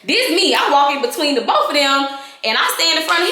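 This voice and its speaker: A young adult woman telling a candid storytime vlog to her viewers, animated and chatty, acting out the scenes as she goes. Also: high voice, brisk, reverberant. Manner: animated, reenacting scenes with voices and gestures. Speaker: vlogger.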